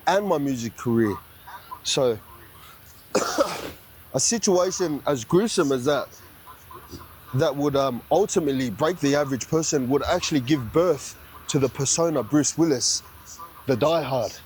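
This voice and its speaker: Man, low-key storytelling. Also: a little mellow, a little hiss or hum. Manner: low-key, matter-of-fact telling. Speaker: storyteller in an interview clip. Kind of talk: recounting a personal story.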